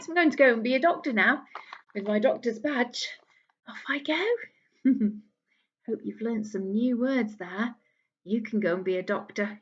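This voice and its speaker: A woman teaching a phonics lesson to young children, drawing out each word slowly and encouraging them in a sing-song way. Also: on the high side, highs cut off. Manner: slow, drawn-out enunciation of each word. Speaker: early years teacher.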